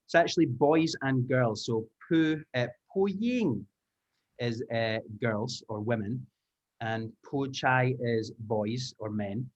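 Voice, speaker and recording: An upbeat male trainer runs a class over a video call, praising his students and breaking pronunciation down step by step. His voice sits at an ordinary middle pitch, and the call audio comes through slightly dull and muffled. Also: slow. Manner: upbeat, encouraging, explains step by step. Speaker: English teaching trainer. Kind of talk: online taster class.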